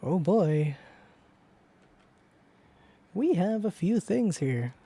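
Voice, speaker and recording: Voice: medium pitch, big pitch swings, extremely slow, warm tone, breathy edge. A streamer reading a visual novel aloud with emotion, swearing often and reacting to the game.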